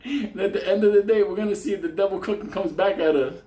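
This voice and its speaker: A man spins a crude, rowdy story, laughing often and jumping into loud voices for the people in it. His voice sits a bit high. The room has a noticeable echo. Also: quick pace. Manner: loud, laughing, acts out quotes. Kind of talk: profane comic storytelling.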